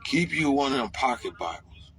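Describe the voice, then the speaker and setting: A man's voice: medium pitch, moderate pace, a little hiss or hum. Profane ranting trucker man. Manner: profane, animated ranting with sudden yelled outbursts. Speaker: truck driver. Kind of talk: casual rant to camera.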